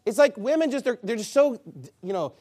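A man preaching a sermon as a pastor, blunt and scolding, swinging between loud emphasis and low asides. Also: lively intonation, brisk.

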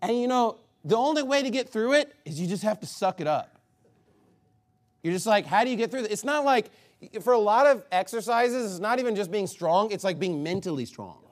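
A man preaching a sermon as a pastor, blunt and scolding, swinging between loud emphasis and low asides. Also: animated, normal speed.

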